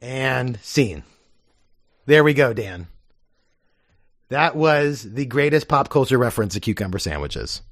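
A man's voice: mid-range voice, animated, measured pace, long pauses, a bit bright, dry recording, clean studio sound. A man hosting a casual podcast, chatty and explaining with plenty of fillers. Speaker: podcast host.

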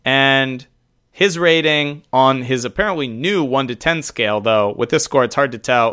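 Male podcast co-host, smooth voice, jokey rambling chat over a call. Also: mid-range voice, moderate pace, pushed and bright. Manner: joking, rambling banter. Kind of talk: casual chat. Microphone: remote call.

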